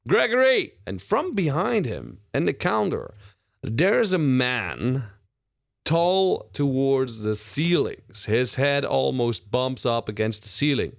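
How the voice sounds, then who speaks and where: A man running a tabletop adventure as game master. His narration rambles loosely, with a gravelly texture and pitch that moves around a lot. He sounds close to the mic in a dry space. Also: very animated, slow pace, no room sound.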